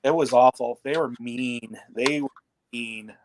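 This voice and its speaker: A man's voice: medium pitch, fairly even intonation, measured pace, a little hiss or hum, poor audio. A man chatting as a studio guest, recalling his school days. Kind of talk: casual chat.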